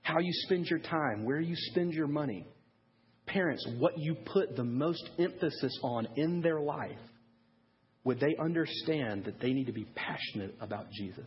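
A man preaching a sermon to parents, telling a story in a lively way and acting out the people he quotes. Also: a little high, normal speed, dull audio, a little hiss or hum. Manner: animated storyteller, acts out quoted voices. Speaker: pastor.

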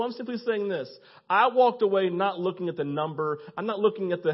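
A male pastor preaching a sermon, telling stories in a lively way and acting out the voices of the people in them. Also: high voice, a little fast, hardly any pauses. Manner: lively storyteller, acts out quoted voices, laughs often. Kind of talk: sermon with animated storytelling. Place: church. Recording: dull lo-fi sermon recording.

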